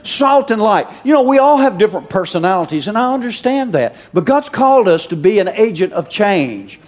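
High-voiced preaching man. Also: very animated, brisk. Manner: preachy, calls out to the congregation with rising shouts. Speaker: pastor. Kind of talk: sermon.

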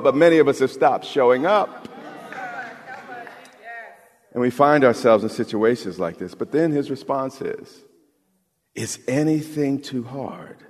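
A male pastor with a voice on the high side preaches a sermon in a church sanctuary, talking conversationally with his congregation and rising to emphatic shouts. The recording carries the long reverb of a large hall.

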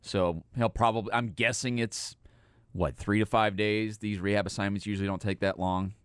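A man's voice: fairly low pitch, steady tone, moderate pace, fairly bright tone, clean tone, no room sound. A middle-aged man talking casually as a sports radio host. He rambles and pokes fun at himself. The studio sound is dry and close. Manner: chatty, rambling, self-deprecating.

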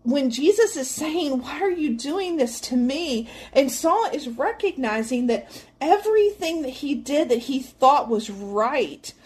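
A woman's voice: high-pitched, a little mellow. A woman giving a casual devotional teaching, earnest and reflective, often adding "like" and small laughs. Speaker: devotional podcast host.

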